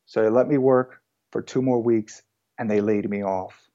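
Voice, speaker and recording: A man being interviewed as a guest, telling his life story in a relaxed, casual way with frequent fillers and restarts. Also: fairly low pitch, moderate pace, dull audio. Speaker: guest entrepreneur.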